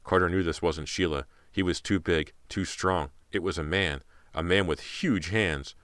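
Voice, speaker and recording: A man's voice: sits low, moderate pace, a bit bright, no echo, clean studio sound. A man narrating an audiobook in a tense, dramatic way. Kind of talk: scripted narration.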